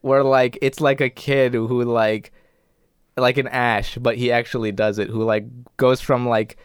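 A young man in casual podcast chat, excitable, laughing a lot and firing off questions. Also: medium pitch, a little slow, clean tone, dry recording, clean studio sound.

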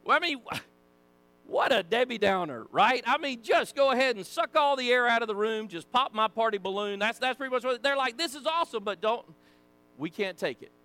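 Animated Southern man teaching Sunday school. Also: very high-pitched, brisk, clean tone. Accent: Southern American. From American South. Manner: animated, acts out voices, folksy asides. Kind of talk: casual Bible teaching.

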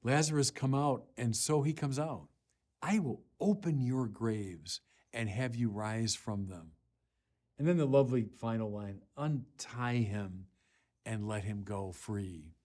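A man preaching a sermon, unhurried with small restarts, rising to forceful emphasis on key lines. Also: medium pitch.

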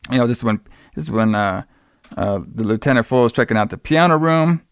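A man talking casually through a film's plot, full of fillers and swearing. He keeps breaking into louder, higher voices to act out the characters. The sound is dry and close. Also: a little fast, smooth, dry recording. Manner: animated retelling, acting out lines in raised voices, swears freely. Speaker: podcast co-host recapping a film. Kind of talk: casual film recap chat.

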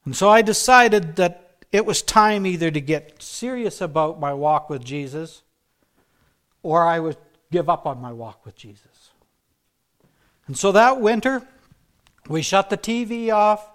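A man preaching a sermon built on his own testimony, telling it earnestly and dropping to a hush for emphasis. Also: high-pitched, lively intonation, unhurried, pauses often.

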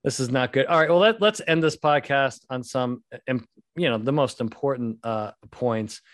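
A man's voice: medium pitch, normal speed, fairly bright tone, dry recording, studio quality. A middle-aged man hosting a podcast, chatting casually and telling rambling, self-deprecating stories with jokes. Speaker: podcast host. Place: home podcast studio.

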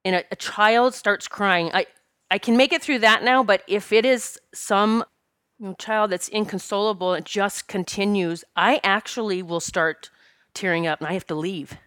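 A woman's voice: medium pitch, moderate pace, fairly bright tone, clear, resonant tone, no room sound, studio quality. A woman, a spiritual teacher and medium, telling a personal story earnestly and emotionally, often stopping and restarting her sentences.

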